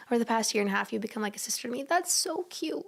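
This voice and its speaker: A woman's voice: a little high, gravelly. A young woman casually chatting with viewers on a livestream from home, giggly and slangy, often cooing at her cat. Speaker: livestream host.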